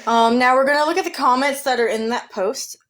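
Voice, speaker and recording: A woman's voice: sits high, a little fast, a bit bright. A woman with a Southern US accent, chatting casually and defensively, a bit stuffy from draining sinuses. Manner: chatty and defensive, rambling with fillers. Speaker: streamer reading and answering posts. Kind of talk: casual chat, reading posts aloud.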